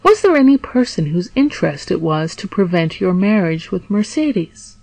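A woman's voice: lowish voice, very animated, creaky, darkish tone, no room sound, full character voice, rough recording. A woman reading as a wise old priest. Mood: questioning. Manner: measured, probing questions. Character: wise elderly male prisoner priest, calm and shrewd.

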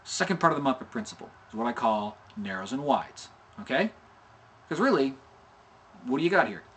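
Chatty man teaching animation, lively pitch. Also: a little fast, a little hiss or hum. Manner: chatty, repeats "okay?" often, demonstrates mouth sounds. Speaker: animation instructor. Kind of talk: casual tutorial talk.

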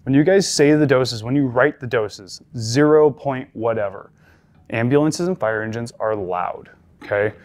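A man's voice: medium pitch, expressive, normal speed, a little mellow. A male paramedic instructor giving a classroom lecture, talking conversationally and repeating the key points with emphasis.

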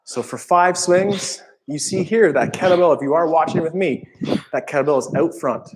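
A man's voice: on the high side, moderate pace, darkish tone, a little hiss or hum, low-quality recording. A man co-leading a live kettlebell class, explaining technique between sets. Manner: explanatory coaching commentary. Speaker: co-instructor. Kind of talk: live workout class coaching.

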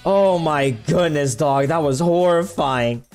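A young man casually commenting on his own gameplay, excitable and slangy, often yelping and shouting at what happens on screen. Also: a little high, takes it slowly, soft background music. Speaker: gaming video creator.

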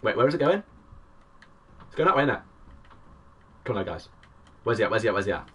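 A young man, giving excitable play-by-play commentary on his live game stream and greeting chat viewers. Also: lowish voice, quick pace, breathy edge, far from the mic. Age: 20s.

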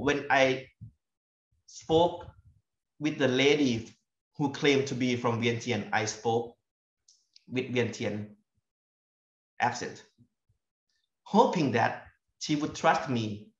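In an academic talk about his fieldwork, a Thai-accented university lecturer from northeastern Thailand speaks at medium pitch with a fairly bright tone. He pauses and repeats himself while looking for words, and the audio is echoey and somewhat muffled, like a lecture hall.

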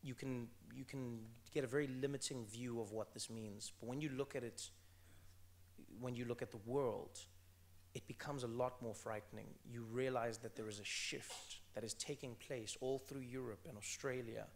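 A man in his thirties from South Africa, a guest in an interview, telling personal stories with animated energy and frequent restarts. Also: medium pitch, normal speed. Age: 30s. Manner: animated, repeats words when restarting, laughs while telling stories. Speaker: author and comedian guest. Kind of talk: conversational interview storytelling.

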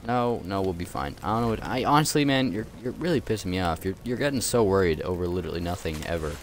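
A young man gaming with a friend, his voice swinging up and down a lot as he teases and jokes. His delivery is loose and animated. Faint noise sits behind him. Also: low-pitched, fast talker. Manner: teasing, animated, bursts of laughter. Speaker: gaming YouTuber. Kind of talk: casual co-op gameplay banter.

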